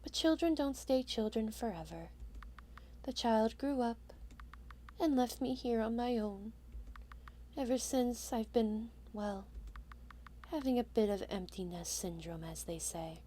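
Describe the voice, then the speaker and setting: A woman voicing a lonely, gentle witch who longs to be a mother again, speaking softly and tenderly. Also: a little high, very animated, measured pace, a little hiss or hum. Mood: wistful. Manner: soft, tender, wistful. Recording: game music behind.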